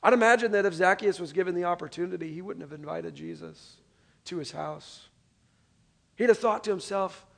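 A man preaching a sermon as pastor in a casual, conversational way, calling on the congregation to answer and dropping from loud emphasis to soft, quiet lines. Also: high-pitched, animated, moderate pace.

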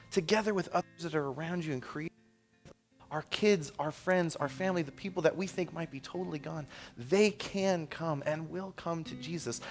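A man in his thirties preaching a sermon from a church stage. He tells a family story with earnest, excitable energy and laughter. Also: a little high.

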